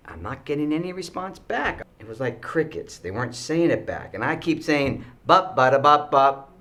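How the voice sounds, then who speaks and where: A man teaching students school rules with animated storytelling, acting out the kids' voices. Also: a little high, normal speed.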